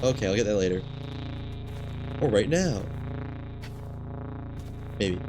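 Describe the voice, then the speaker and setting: Low-voiced man muttering through gameplay. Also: animated, slow, over music. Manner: muttering to himself, laid-back. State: hiccups. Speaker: streamer. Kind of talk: casual gameplay commentary. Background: game ambience and engine noise.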